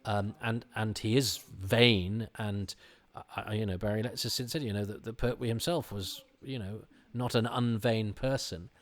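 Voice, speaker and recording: Male commentator, lower register, chatty, self-interrupting. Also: fairly even intonation, moderate pace. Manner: rambling and self-interrupting, frequent restarts. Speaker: commentator on a classic TV episode. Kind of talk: casual commentary chat.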